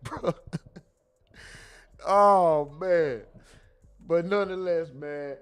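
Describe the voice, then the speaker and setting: A man hosting a casual commentary livestream, reading the chat aloud and bantering in loud, laughing, slangy outbursts. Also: sits high, moderate pace.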